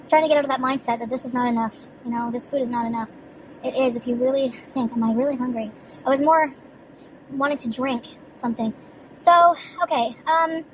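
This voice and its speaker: A woman's voice: high voice, a little hiss or hum, low-quality recording. A woman vlogging in a casual, rambling way, chatty and giggly, swearing freely as she talks. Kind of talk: casual rambling vlog chat.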